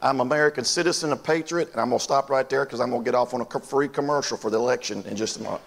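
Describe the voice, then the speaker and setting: Gravelly older pastor preaching. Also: male voice, medium pitch, very fast. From North Carolina, US. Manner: folksy storytelling, talks straight to the congregation. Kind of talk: sermon.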